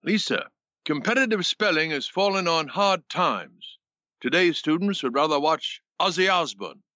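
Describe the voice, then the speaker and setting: A man's voice: fairly high pitch, expressive, measured pace, bright, forceful tone, no echo. An actor playing a pompous, smarmy older male spelling-bee official in a cartoon.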